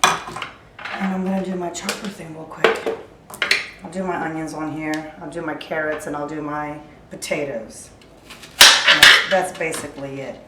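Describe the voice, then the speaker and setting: A woman's voice: low voice, steady tone, a little slow, distant mic, very noisy. Chatty woman cooking in an echoey kitchen. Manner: chatty, thinking aloud as she works. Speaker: home cook. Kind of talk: casual cooking demonstration. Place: home kitchen. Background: clattering dishes, utensils and drawers.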